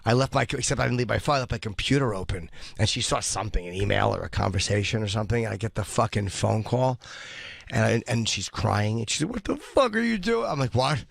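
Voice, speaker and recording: Gravelly, profane American radio man. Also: on the low side, fast, no echo. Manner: blunt and profane, self-deprecating. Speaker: radio show co-host. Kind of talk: candid studio talk. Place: radio studio. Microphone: studio mic.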